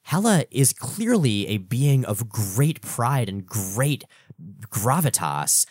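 A man's voice: medium pitch, big pitch swings, takes it slowly, darkish tone, slightly rough, dry recording, clean studio sound. A man hosting a podcast, giving a casual, enthusiastic recap of a comic book story. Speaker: podcast host.

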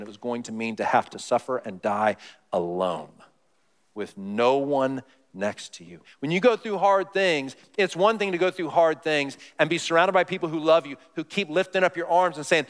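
A man preaching a sermon, telling the story with animation and acting out the voices of the people in it, then dropping low and quiet for the solemn parts. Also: moderate pace, big-room sound. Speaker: pastor.

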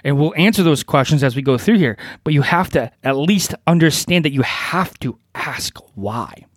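A man's voice: fairly high pitch, expressive, moderate pace, no room sound, studio quality. A man in his forties teaching network design in a podcast-style talk, emphatic, repeating key phrases and asking rhetorical questions.

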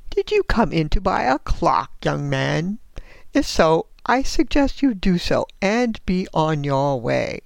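Woman reading as a fussy old male clockmaker, curt, formal, slow, gravelly. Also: lowish voice, big pitch swings, no echo, heavily acted. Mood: irritated. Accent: foreign, unplaceable accent put on. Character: short older bald male clockmaker, irritable, formal.

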